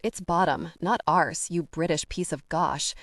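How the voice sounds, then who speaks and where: A woman reading a dying old crime boss, his voice a thin rasp with little breath behind it. He is gruff and teasing, dealing out tough love, in a low, dry audiobook voice. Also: steady tone, measured pace, no room sound. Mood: gruff, weak. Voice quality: rasping. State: weak, short of breath.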